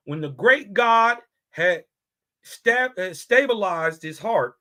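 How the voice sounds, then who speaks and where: A man's voice: high voice, lively intonation, takes it slowly, pushed and bright. A man reading scripture aloud and breaking off into mocking, laughing street-slang commentary, often checking that his listeners follow. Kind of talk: casual religious commentary.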